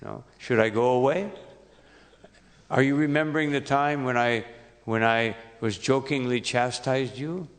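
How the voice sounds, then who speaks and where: A preacher voicing a gentle male god asking soft, puzzled questions, in a gravelly, creaky tone that rings out with a long reverb through a large temple hall. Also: mid-range voice, unhurried, natural voice. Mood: coaxing.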